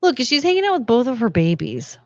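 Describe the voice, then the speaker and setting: A young woman streaming a casual chat, talking to her dogs in a high baby-talk voice between plain remarks. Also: sing-song, a little fast, dry recording, highs cut off.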